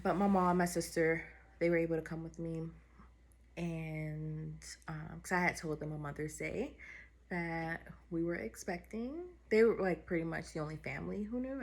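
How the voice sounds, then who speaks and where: Woman vlogger, heartfelt and open, lowish voice with some vocal fry, telling her own story. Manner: candid, heartfelt, conversational with fillers. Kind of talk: personal vlog story.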